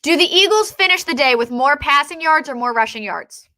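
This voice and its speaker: Bright, excitable woman talking football. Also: high voice, brisk. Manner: excitable, trails off and restarts. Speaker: podcast co-host. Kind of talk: casual sports chat.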